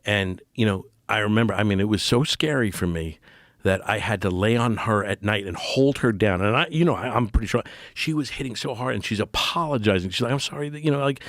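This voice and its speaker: A middle-aged man talking as a podcast guest, earnest and halting, full of fillers and restarts. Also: on the low side, a bit bright, no echo, studio quality. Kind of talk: casual podcast conversation.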